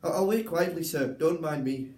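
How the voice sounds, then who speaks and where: A man's voice: a little high, normal speed, darkish tone, slight background noise, lightly acted. A young man reading the part of a nervous, apologetic servant, stumbling as he reads. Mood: pleading. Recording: roomy, from far off.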